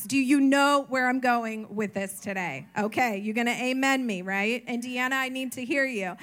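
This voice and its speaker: A woman's voice: on the high side, normal speed, few pauses, a bit bright. A woman preaching a sermon at a church service, chatty and playful, often calling on the congregation to answer her.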